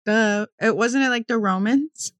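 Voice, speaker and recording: A young woman hosts a loose, crude chat and giggles often. Her voice sits a little high. The sound is dry and close, with no room echo. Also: a little slow. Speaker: podcast host. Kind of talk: casual chat.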